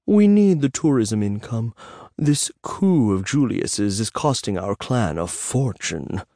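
A man's voice: on the low side, animated, slow pace, mellow, no room sound, studio quality. A man voicing a playful, smug male dragon seer in human form, teasing and sweetly mocking.

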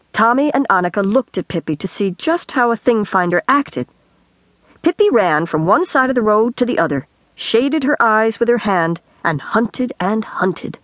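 Animated woman reading a children's book. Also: on the high side, normal speed, no room sound. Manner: animated storytelling. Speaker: audiobook narrator. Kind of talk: scripted narration. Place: recording studio.

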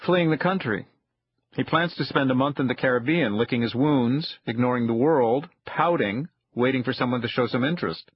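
A man voicing a blunt, dismissive male aide to a spy chief, in a husky voice. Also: mid-range voice, normal speed, no room sound, muffled recording, lightly acted.

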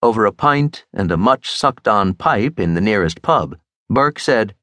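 A man narrating a mystery audiobook in a crisp, expressive storytelling manner. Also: on the low side, moderate pace, dry recording, clean studio sound. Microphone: close studio mic.

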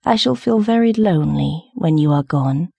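Brief: woman voicing a lonely old oak, soft and slow, dark mellow tone. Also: low voice, expressive, gravelly, slightly rough, no echo, exaggerated voice. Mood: sad.

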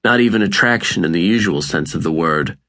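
A man narrating an audiobook in a measured, deliberate reading. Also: sits low, expressive, sharp tone. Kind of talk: scripted narration.

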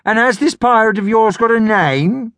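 A man's voice: high voice, normal speed, a bit bright, clear, resonant tone, no room sound, clean studio sound, voice pushed up. A man voicing a scatty, kindly old grandmother in an audiobook, speaking in a fond, humouring way.

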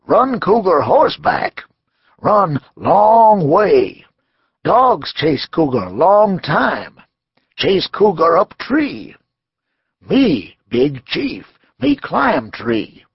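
A male narrator voicing a good-natured old buffalo hunter who boasts in slow, emphatic broken speech. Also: a little high, big pitch swings, husky, dry recording, muffled recording, voice pushed up, exaggerated voice. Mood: insistent.

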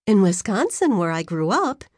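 A woman voicing a kindly schoolteacher who explains things calmly in a children's audiobook. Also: mid-range voice, normal speed, no echo, studio quality. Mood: explaining.

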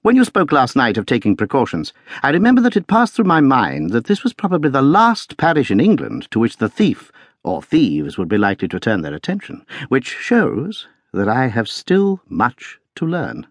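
A man voicing a shrewd detective who reasons aloud in a measured, wry, thoughtful way. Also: medium pitch, huge pitch swings, no echo, pitched above the performer's own voice.

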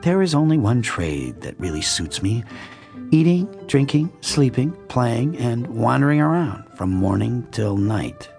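A man's voice: mid-range voice, sing-song, measured pace, gravelly, darkish tone, soft background music, voice pushed up. A man voicing a naughty, defiant wooden puppet boy in an audiobook. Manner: defiant, bratty.

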